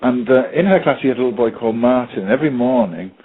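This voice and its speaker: A man's voice: medium pitch, lively intonation, quick pace. A man giving a webinar as a special needs technology trainer, hesitant with lots of ums and stories. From United Kingdom. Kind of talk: webinar presentation. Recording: tinny phone-like line.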